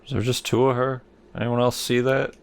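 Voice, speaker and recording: A man commentating his gameplay with wry, joking reactions. His mid-range voice has a gravelly fry to it. The talk is casual and unscripted. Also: medium pitch, level tone, a little fast, slight background noise. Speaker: let's play host.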